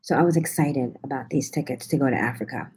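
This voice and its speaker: A woman's voice: rumbling low, fast talker, a little mellow, husky. A woman telling a story in a casual, sassy chat to her viewers, teasing them and swearing freely as she answers their comments. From New York, USA. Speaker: vlogger talking to viewers.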